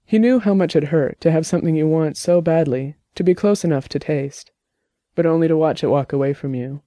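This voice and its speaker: A male audiobook narrator reading a novel aloud in a steady, even way. His voice sits a little high with a mellow, soft tone, recorded close and dry. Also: fairly quick, no echo.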